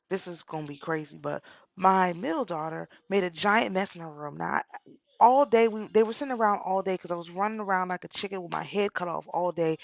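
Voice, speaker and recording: A woman's voice: on the low side, vocal fry, no echo, highs cut off. A middle-aged woman talking casually about spiritual practice, telling a personal story with repeated phrases. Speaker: spiritual channel host.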